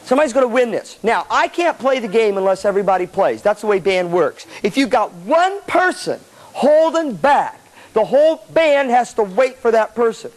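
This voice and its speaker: A man giving a playful, animated motivational talk to student band members, acting out little scenes, recorded live in a hall with a crowd. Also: very high voice, normal speed. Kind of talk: lively motivational seminar talk. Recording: noisy live tape with audience laughter. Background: audience laughter and chatter.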